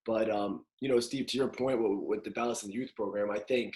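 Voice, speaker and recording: A man's voice: lowish voice, fairly even intonation, brisk, darkish tone, low-quality recording. A man in his thirties hosting a casual podcast, asking loose, rambling questions full of fillers. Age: 30s. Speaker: podcast host.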